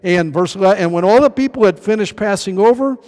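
Male pastor, high voice, casual anecdotal sermon full of ums and restarts, acts out quotes; long hall reverb. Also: fast talker, darkish tone. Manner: chatty, anecdotal, many fillers and restarts; acts out quoted voices with big pitch jumps. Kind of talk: sermon, verse-by-verse Bible teaching.

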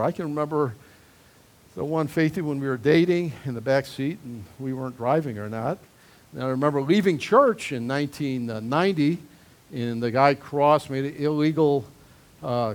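A male pastor preaching a sermon, conversational with emphatic swells on key phrases. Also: a little high.

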